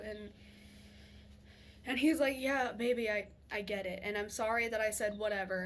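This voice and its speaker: A young woman vlogger telling a personal story in a chatty, animated way, swearing freely and laughing as she goes. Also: a little high, slight background noise. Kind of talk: casual storytelling to camera.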